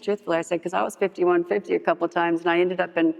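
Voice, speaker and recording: Middle-aged woman, gravelly, lively storyteller at a meeting, hall reverb. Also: lowish voice, rapid-fire. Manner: animated storytelling, acts out quotes. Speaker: speaker at a recovery meeting. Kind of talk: personal story told to a group.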